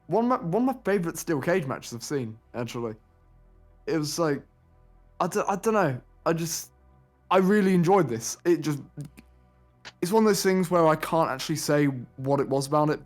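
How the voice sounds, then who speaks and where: A man chatting casually on a podcast, candid and laughing often. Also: on the high side. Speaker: podcast guest. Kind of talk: casual chat.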